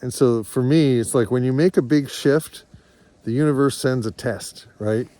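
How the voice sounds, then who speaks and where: A man's voice: medium pitch, moderate pace, mellow. A man telling a candid personal story in a rambling, earnest and reflective way, as a farm vlogger.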